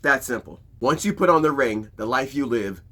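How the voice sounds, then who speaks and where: A man's voice: medium pitch, animated, moderate pace, a bit bright. A man voicing a tough veteran male drill instructor who barks blunt orders. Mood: stern.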